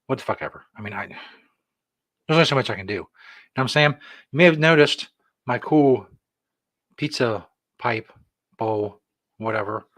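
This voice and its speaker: A man hosting a live stream, talking loosely and offhandedly with plenty of casual cursing. His voice sits at a middling pitch, and the sound is dry and close. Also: moderate pace, long pauses, fairly bright tone, no room sound. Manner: loose, offhand, profane chatter. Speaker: host. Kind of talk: live show chat.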